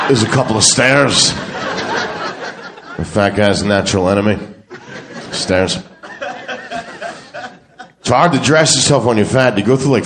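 Crude stand-up man, noisy crowd. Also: medium pitch. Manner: crude, self-mocking, laughs at own jokes. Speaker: stand-up comedian. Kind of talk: live stand-up comedy set. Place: comedy club with live audience. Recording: loud crowd and room noise.

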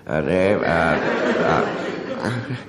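A man doing a stand-up telephone monologue as a hungover caller, stammering and halting with many pauses and uh's. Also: sits low, animated, very noisy. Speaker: comedian. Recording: live stage recording, long reverb, audience laughter. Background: audience laughter.

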